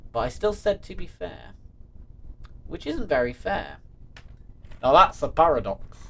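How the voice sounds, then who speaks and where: An excitable man hosts a casual live stream, answering chat questions with quick laughs and the odd burst of swearing. His voice swings widely in pitch, jumping up when something excites him and dropping low for dry asides. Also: gravelly. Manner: excitable, laughs often, swears freely, reads chat aloud.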